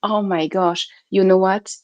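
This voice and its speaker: A woman from France with a French accent, a guest chatting casually on a video-call talk show, animated and laughing often. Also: mid-range voice, a little slow, dry recording, highs cut off. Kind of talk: casual interview chat.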